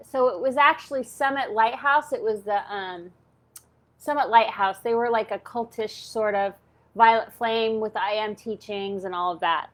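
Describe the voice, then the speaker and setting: A woman's voice: fairly high pitch, fairly bright tone. A woman in her fifties telling a personal story in a candid, chatty way, full of "like" and "okay?". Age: 50s. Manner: chatty, peppers talk with "like" and "okay?". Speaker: channel host.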